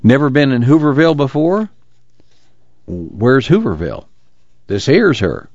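A man's voice: big pitch swings, measured pace, a little mellow, no room sound. A man voicing a tough, sardonic young man with clipped rural speech. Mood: puzzled. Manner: low, clipped rural dialect. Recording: dull lo-fi recording.

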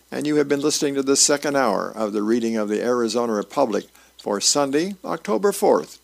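A man's voice: medium pitch, vocal fry. A man who is a volunteer reader, reading newspaper columns and comic strips aloud for a radio reading service in an easygoing way, with the odd filler. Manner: unhurried, homey reading with small fillers and restarts.

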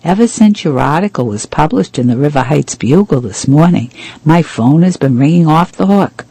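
A man's voice: medium pitch, lively intonation, a little slow, creaky, warm tone, slightly rough, dry recording, exaggerated voice, low-quality recording. A man voicing a chatty woman innkeeper. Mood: grateful. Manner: chatty and effusive. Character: cheerful middle-aged woman innkeeper.

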